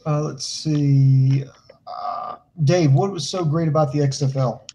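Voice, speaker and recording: A man's voice: a little high, fairly even intonation, a little slow, dark tone. A young man co-hosting a casual podcast, laid-back and brief in his replies. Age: young adult. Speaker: podcast co-host.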